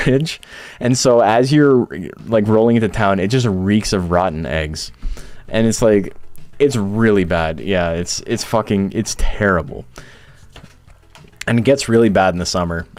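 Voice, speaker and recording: A man's voice: on the low side, moderate pace, darkish tone, no room sound. A young man streaming a game, chatting casually in loose, profane, joking rants. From Ontario, Canada. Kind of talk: casual chat while gaming. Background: faint game music.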